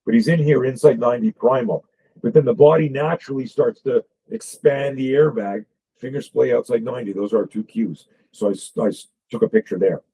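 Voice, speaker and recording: A man, a self-defense coach, explaining drills while sharing slides on a video call, blunt and profane in an animated way. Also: medium pitch, a little fast, husky, low-quality recording.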